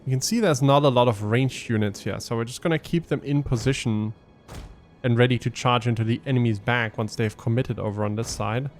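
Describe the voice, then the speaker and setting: A man's voice: medium pitch, brisk, faint music behind. A man giving casual gameplay commentary as a let's play host, thinking aloud and explaining his tactics with frequent ums.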